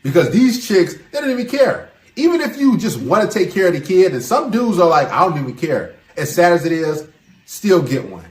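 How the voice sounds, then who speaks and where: A man's voice: high-pitched, very animated, moderate pace, roomy sound. A man hosting his own channel, giving emphatic, preachy advice in a monologue to the camera. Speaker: channel host.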